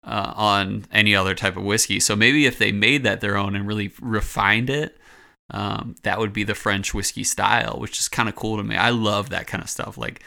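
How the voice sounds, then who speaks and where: A man co-hosting a casual podcast chat, relaxed and hesitant with fillers. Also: on the low side, gravelly. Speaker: podcast co-host.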